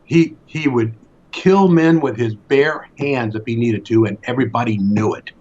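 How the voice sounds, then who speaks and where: A man's voice: medium pitch, normal speed, darkish tone, highs cut off. Earnest man telling a story emphatically. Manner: emphatic, repeats words as he builds a point. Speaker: speaker in a faith discussion.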